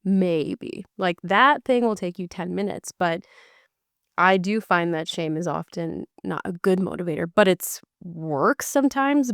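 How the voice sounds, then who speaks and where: A woman's voice: lowish voice, gravelly, no echo, studio quality. A woman co-hosting a podcast, chatting candidly and poking fun at herself. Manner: candid, self-deprecating, laughs often. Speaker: podcast co-host. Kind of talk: casual podcast chat.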